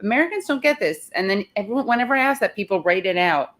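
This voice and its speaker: Broadcasting her live chat show from the city, away from her regular location, the host chats loosely, wanders off topic, interrupts herself and admits she's tired. She speaks quickly in an expressive, medium-pitched voice that's a bit bright.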